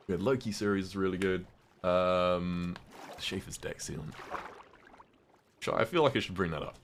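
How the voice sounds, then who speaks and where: Streamer, male, very low voice, loose and chatty, casual swearing. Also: a little hiss or hum. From United Kingdom. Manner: chatty, answers viewers' questions, swears casually. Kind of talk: casual live-stream chat while gaming.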